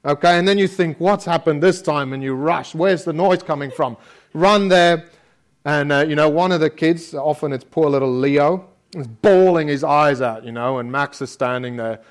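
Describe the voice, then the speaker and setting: Guy preaching, chatty and relaxed, tells family stories, voice a bit on the high side. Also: moderate pace. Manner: conversational preaching with personal anecdotes; frequent restarts, asks listeners "okay?". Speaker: pastor. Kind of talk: sermon.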